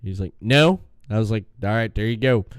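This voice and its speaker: A man's voice: fairly low pitch, brisk, clean tone, no echo, studio quality. A man hosting a podcast, telling a rambling story in casual chat, acting out his own outbursts and laughing often. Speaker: podcast host.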